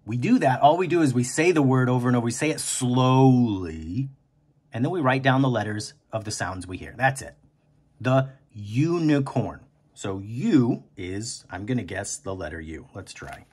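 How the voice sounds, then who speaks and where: Husky man teaching kids to write. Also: medium pitch, animated, a little mellow. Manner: slow, encouraging, stretches out words aloud. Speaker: teacher and podcast host. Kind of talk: kindergarten writing lesson.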